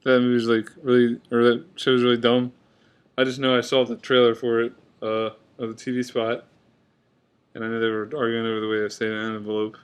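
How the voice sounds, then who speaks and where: A man's voice: medium pitch, monotone, a little fast, clear, resonant tone. Casual man reading a word list. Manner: reads word list, comments offhand. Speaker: vlogger. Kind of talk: casual accent tag video. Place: indoors at a computer. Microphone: webcam at computer.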